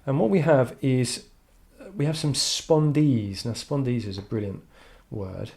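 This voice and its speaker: A man's voice: medium pitch, measured pace, gravelly, a little mellow. A man teaching an English literature lesson online, talking thoughtfully with frequent "um"s and restarts. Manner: thoughtful, hesitant with frequent fillers.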